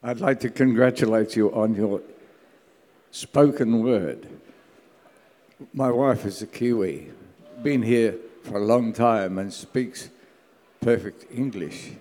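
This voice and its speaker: A man in the audience asking a question in a slow, deliberate way. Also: lowish voice, warm tone. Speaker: audience member. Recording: long hall reverb.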